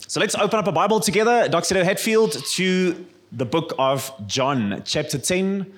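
A man's voice: on the high side, animated, normal speed, fairly bright tone. A man with a South African accent preaching a sermon to a church congregation, conversational and storytelling, calling for the congregation's response. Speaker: pastor. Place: church service.

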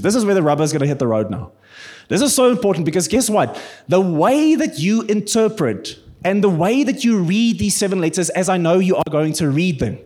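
A man's voice: high-pitched, darkish tone, slightly rough. A man preaching a sermon as a pastor, earnest and emphatic, with playful humour.

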